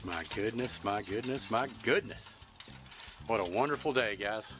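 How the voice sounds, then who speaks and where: A man's voice: on the low side, a little slow, noisy background. A man, chatting folksy and drawling through an outdoor cooking vlog. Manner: folksy, drawling, talks to his dog and viewers. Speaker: cooking vlogger. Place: outdoors by a camp stove. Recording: music playing behind.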